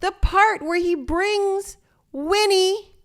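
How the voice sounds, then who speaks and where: A woman's voice: extremely high pitch, slow, a bit bright. A woman co-hosting a podcast in casual chat, laughing often and acting out little quotes as she tells stories. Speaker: podcast co-host.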